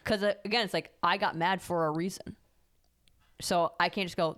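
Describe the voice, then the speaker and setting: Frank, lower-voiced woman on a podcast. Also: steady tone, moderate pace, a bit bright. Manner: frank, candid, lightly self-mocking. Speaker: podcast co-host. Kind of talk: casual chat.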